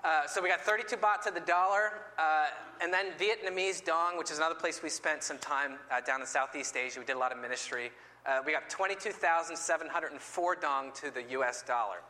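A man's voice: on the high side, a little fast, sharp tone. A man presenting to an audience with playful, joking asides. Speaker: missionary presenter. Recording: long hall reverb.

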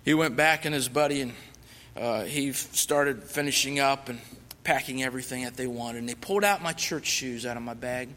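A man's voice: mid-range voice, moderate pace, fairly bright tone. A man who is a missionary, giving an earnest, emphatic testimony as a guest speaker in a church sanctuary. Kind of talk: sermon testimony. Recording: long church reverb.

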